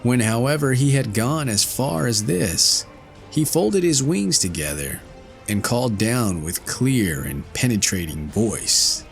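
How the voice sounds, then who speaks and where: A male storyteller reads classic fairy tales aloud at an unhurried pace, his voice rough and gravelly. His delivery is lively, rising and falling to paint each scene, with soft music faintly underneath. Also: mid-range voice. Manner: slow, expressive fairy-tale reading. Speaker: audiobook narrator. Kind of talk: storybook narration.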